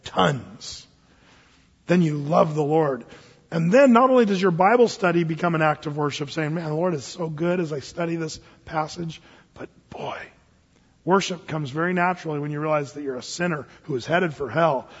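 A male pastor preaching an emphatic sermon and then leading a quiet closing prayer. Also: husky. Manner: animated, emphatic preaching that drops soft and low into prayer. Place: church sanctuary. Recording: muffled recording in a reverberant church hall.

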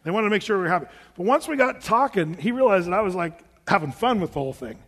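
A preacher with a high, animated voice tells his congregation a personal story at a quick pace, his tone a bit bright. He's chatty and amused with himself, laughing often, and the storytelling sermon rings with the long reverb of a big hall.

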